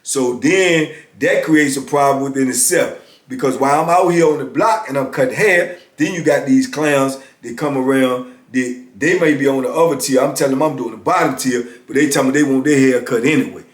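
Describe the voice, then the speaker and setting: A man's voice: mid-range voice, fairly quick. A middle-aged man casually telling a story, often checking in with "you know what I'm saying.". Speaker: vlogger telling prison stories. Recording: echoey room.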